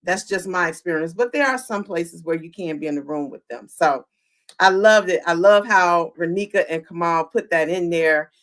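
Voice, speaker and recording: A woman's voice: fairly low pitch, normal speed. A woman hosting a live podcast, retelling a show's scenes with energy and asking her chat questions. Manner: animated, talks to the chat, acts out quotes. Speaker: podcast host. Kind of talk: live-streamed show recap chat.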